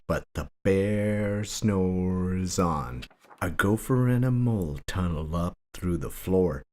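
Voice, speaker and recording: A man reading a children's picture book aloud as a bedtime story, in a gentle, rhythmic way. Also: low voice. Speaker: storybook reader.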